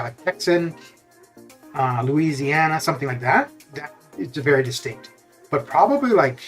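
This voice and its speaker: A man's voice: a little high, fairly bright tone. A man chatting casually while streaming a game, rambling with lots of fillers and restarts. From Canada. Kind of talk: casual chat while gaming live.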